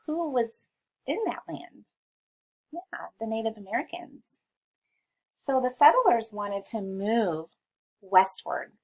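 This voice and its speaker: Slow, patient woman teacher. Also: medium pitch, a little mellow, breathy edge, poor audio. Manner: slow, patient, sounds out words for young readers. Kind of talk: read-along lesson for children.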